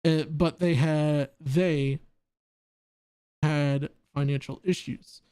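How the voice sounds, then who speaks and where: Man, stream host, reading aloud and commenting, halting delivery, higher-pitched voice, dry close sound. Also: fairly even intonation, warm tone, smooth, dry recording. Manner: halting, with frequent restarts. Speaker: livestream host.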